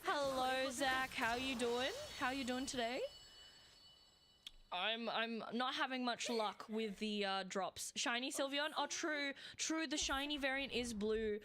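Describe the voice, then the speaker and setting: A woman with an Australian accent streams a game while chatting casually, rambling with frequent fillers and laughs. Her high-pitched voice is pushed and bright at a measured pace, with a little hiss or hum in the recording.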